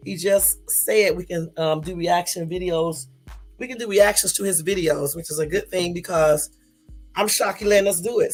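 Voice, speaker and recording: Tired, breathy woman, rambling live-stream host talking to her viewers, faint music underneath. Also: fairly low pitch. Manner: chatty, loose and rambling, addresses viewers as y'all. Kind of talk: casual live-stream chat.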